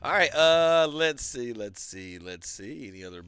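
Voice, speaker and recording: A man's voice: mid-range voice, expressive, measured pace, a bit bright, clean tone. A man hosting a sports talk show, telling jokey stories in casual chat and laughing often.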